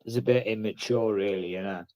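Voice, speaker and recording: Bloke ranting at the camera, swears a lot, dead blunt. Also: male voice, lowish voice, steady tone, a little fast, a little mellow. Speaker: vlogger. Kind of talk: casual ranting vlog.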